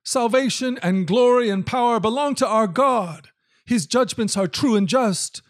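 A man reading aloud voices a vast crowd in heaven shouting praise, lifting his voice high and stretching the words. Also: a little slow, no room sound, clean studio sound. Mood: exultant.

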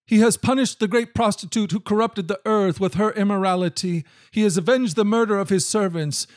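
A man reading aloud voices a vast crowd in heaven shouting praise, lifting his voice high and stretching the words. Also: brisk, dry recording, studio quality, lightly acted. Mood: exultant.

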